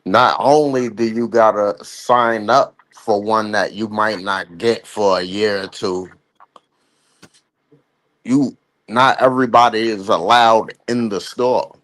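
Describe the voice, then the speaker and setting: A man's voice: on the low side, steady tone, takes it slowly, fairly bright tone, no echo, rough recording. A man co-hosting a podcast, chatting casually in a laid-back way. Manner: laid-back, brief interjections. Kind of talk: casual chat.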